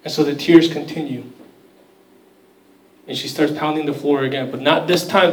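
A man's voice: fairly high pitch, fairly even intonation, normal speed, pauses often. Storytelling preacher man, echoey and distant. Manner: conversational storytelling preacher, dramatic quoted voices. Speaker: pastor. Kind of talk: sermon.

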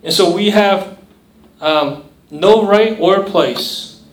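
Young guy preaching to a youth group, high voice, keeps going "right?", sounds roomy and far from the mic. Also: takes it slowly. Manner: conversational, asks the crowd "right?" often, mimics voices. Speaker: youth pastor. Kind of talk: sermon. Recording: echoey room, mic at a distance.

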